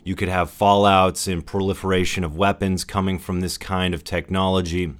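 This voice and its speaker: Male podcast host, very low voice, chatty and upbeat. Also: little pitch movement, moderate pace. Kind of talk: casual solo podcast talk.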